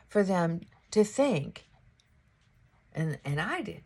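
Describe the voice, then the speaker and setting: A woman talks through her morning routine at home in a slow, unhurried way, chatting to the camera as she gets ready. Her voice is a little husky, and she breaks off now and then to speak to her dog. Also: on the low side, very animated, darkish tone. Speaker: vlogger. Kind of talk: casual morning chat while getting ready.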